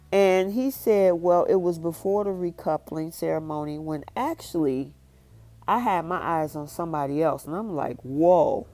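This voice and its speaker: A woman with a low, mellow voice, chatting through a reality-show recap. She keeps acting out the cast's lines as she retells each scene. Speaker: recap vlogger. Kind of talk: casual recap and review.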